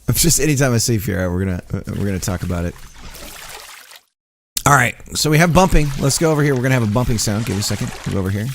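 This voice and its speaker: A man's voice: medium pitch, animated, fast talker, creaky, pauses often, slight background noise. A man in his thirties, chatting casually and joking as he streams a game. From United States. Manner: chatty, jokey, laughs often. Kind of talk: casual gameplay commentary.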